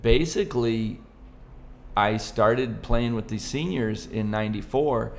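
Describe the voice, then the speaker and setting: In a relaxed interview, a forties-aged musician and comedian from Southern California meanders playfully through his stories. He speaks slowly at a medium pitch, with a creaky quality.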